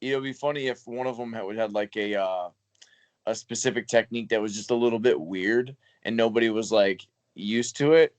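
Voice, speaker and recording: A man's voice: lowish voice, moderate pace, no room sound. A young man co-hosting a casual comedy podcast, rambling and trailing off as he spins ideas. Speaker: podcast co-host.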